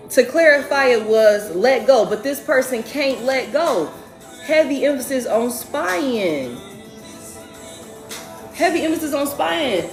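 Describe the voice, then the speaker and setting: A high-voiced woman with a very animated, swooping delivery, reading tarot cards for her online audience. She talks in a casual, profane, chatty way. Her voice rings in an echoey room with faint music underneath. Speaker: tarot reader.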